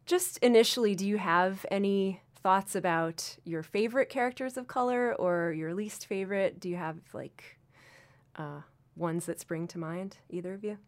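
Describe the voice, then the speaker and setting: A woman's voice: medium pitch, normal speed. A woman over thirty-five hosting a casual radio show, chatty and full of fillers. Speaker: radio host.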